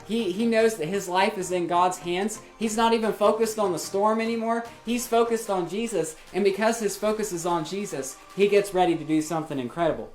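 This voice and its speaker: Animated woman telling kids a Bible story. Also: mid-range voice, fairly quick, hardly any pauses. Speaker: children's ministry leader. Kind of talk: children's Bible story recap. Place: church children's ministry. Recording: roomy with faint music.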